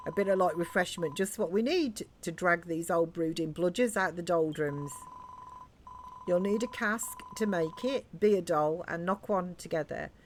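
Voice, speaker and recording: A woman's voice: on the low side, a little hiss or hum, lightly acted. A woman voicing a young Cockney woman, a pub landlord's daughter, blunt and cheeky in her slang. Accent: Cockney put-on. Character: chirpy Cockney barmaid's daughter, blunt and bossy.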